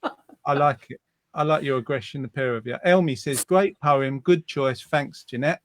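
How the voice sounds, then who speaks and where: A man's voice: medium pitch, normal speed. A man hosting a casual online show, reading out listener comments with a jokey, teasing manner. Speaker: host.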